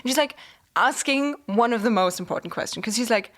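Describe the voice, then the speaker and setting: A woman with a somewhat high voice chats about a novel as a podcast co-host. She is playful and self-mocking, with frequent laughs. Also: animated, brisk. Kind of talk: casual book-club chat.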